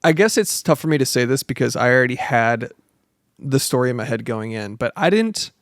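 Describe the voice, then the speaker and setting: A man's voice: medium pitch, expressive, brisk, dry recording, clean studio sound. A man co-hosting a movie podcast, chatting casually and swearing freely as he retells anecdotes. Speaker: podcast co-host. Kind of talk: casual film chat.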